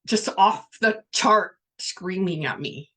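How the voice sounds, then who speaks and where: A woman's voice: fairly low pitch, lively intonation, slow pace, bright, forceful tone, husky. A woman speaking as a spiritual coach in a casual livestream, talking frankly and chattily and reading viewer comments aloud.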